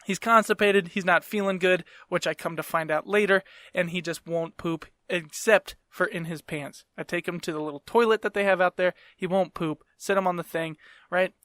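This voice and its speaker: Brief: young man, slightly high voice, swearing casual storyteller, dry close mic. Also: steady tone, normal speed, sharp tone, dry recording. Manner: profane, rambling, self-mocking. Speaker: podcast host.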